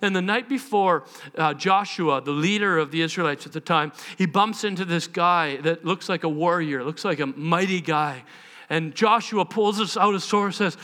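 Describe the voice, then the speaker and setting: A man's voice: a little high, moderate pace, sharp tone. A man preaching a live church sermon, earnest and impassioned, acting out prayers and the voices of other people. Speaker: pastor. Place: church service.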